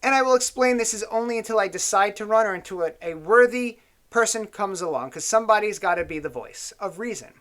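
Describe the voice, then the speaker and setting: A man's voice: sits high, a little fast. Tipsy guy ranting and swearing, long rambling stories, host of a chat show. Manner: rambling, profane, animated storytelling. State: tipsy on whiskey. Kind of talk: casual political chat.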